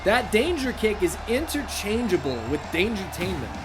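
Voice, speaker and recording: A man commentating his own video game playthrough, excitable and profane, shouting at big moves, with game music behind. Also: high voice, normal speed. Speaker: gaming youtuber. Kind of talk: let's-play commentary.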